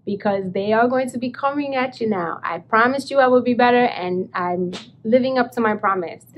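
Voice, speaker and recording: A woman vlogging about thrift finds, chatty and animated, telling her story with excited bursts. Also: a little high, a little hiss or hum. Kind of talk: casual vlog, showing thrift finds.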